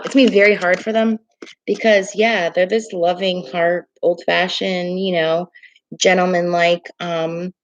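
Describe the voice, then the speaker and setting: A woman's voice: lowish voice, dull audio. Chatty woman giving a live tarot reading. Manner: chatty, emotional, reacts aloud to viewer comments. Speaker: tarot reader streaming live. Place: home desk at a laptop. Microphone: laptop microphone.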